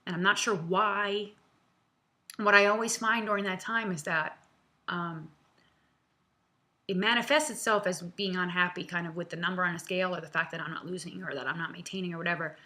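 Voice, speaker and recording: A woman in her thirties answers viewer questions from her home. She talks in a chatty, earnest rush with lots of fillers and small laughs, as if close to tears. Her voice sits a touch low but comes across bright and forceful. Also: steady tone, fairly quick. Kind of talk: casual, heartfelt direct-to-camera talk.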